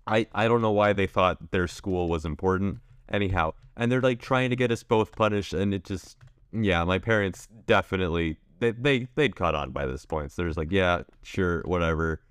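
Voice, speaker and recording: A young man hosting a gaming video, telling a school story in a sarcastic, deadpan way with lots of restarts. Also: deep voice, moderate pace, smooth, no room sound. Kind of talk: casual storytelling over gameplay.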